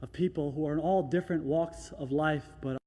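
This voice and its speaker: A man preaching a sermon as pastor, moving from quiet, reflective lines to loud, fervent exhortation, and acting out doubters in a small hushed voice. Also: fairly high pitch, fairly quick, breathy edge. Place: large church hall. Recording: echoey church hall.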